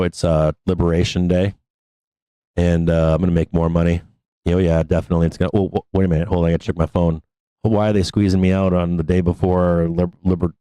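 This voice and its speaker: A man's voice: sits low, dark tone, smooth, no room sound, poor audio. Brash, profane male trading host. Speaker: live trading show host. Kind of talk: live trading stream chat.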